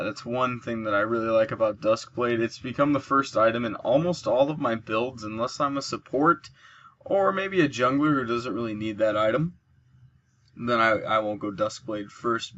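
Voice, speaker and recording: This let's play commentator has a mid-range voice recorded with the highs cut off, and he sounds sleepy, yawning as he goes. Still chatty, he walks through game mechanics and erupts in excitement whenever he gets a kill.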